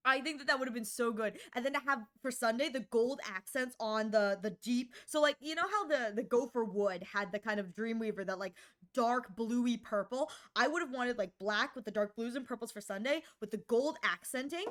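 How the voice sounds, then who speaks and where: A woman's voice: a little high, fairly quick. A young woman streamer chatting casually with viewers, rambling and giggly, often mocking herself.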